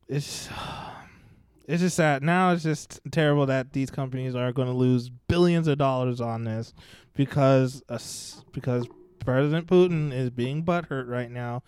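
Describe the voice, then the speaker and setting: A man with a fairly high, clean voice runs through news stories in a casual vlog style. He is blunt and profane and mocks the people he talks about. The sound is close and dry, with no room around it. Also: clear, resonant tone, no room sound. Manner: blunt, profane, mocking, animated. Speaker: news commentary host.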